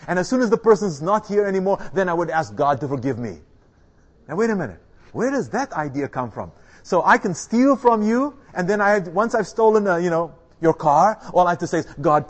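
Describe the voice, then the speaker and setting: A middle-aged man preaching with an animated, lively voice that sits a little high for a man. He drives his points home emphatically, quizzing his listeners and repeating key words. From South Africa. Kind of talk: sermon.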